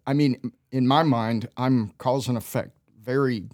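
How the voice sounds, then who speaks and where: A man in his forties, a church volunteer, speaking modestly and hesitantly with many pauses and fillers. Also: medium pitch, steady tone, darkish tone, dry recording, studio quality. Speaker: guest, church bass player and safety team lead. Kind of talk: casual interview chat.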